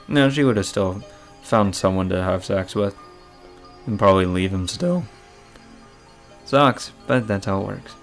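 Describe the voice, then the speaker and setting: A man's voice: lowish voice, expressive, a little slow, long pauses, soft background music. A man hosting a let's play, commenting bluntly on a visual novel and swearing freely.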